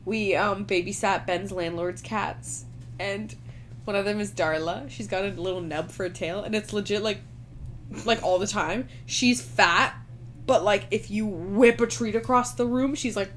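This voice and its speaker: A woman's voice: medium pitch, a little slow, slight background noise. A woman co-hosting a podcast, chatting casually, telling stories and swearing freely. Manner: swearing, storytelling with quoted voices. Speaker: podcast co-host. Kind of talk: casual chat.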